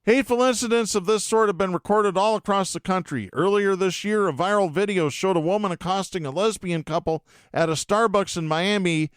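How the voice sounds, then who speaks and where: A man with a high, smooth and clean voice reads news stories on his podcast. He stops to add sarcastic, indignant remarks of his own. The sound is dry and close, with no room around it. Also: a little fast, hardly any pauses, no echo. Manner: sarcastic, indignant asides between read stories. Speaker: podcast host. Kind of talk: reading news stories with commentary.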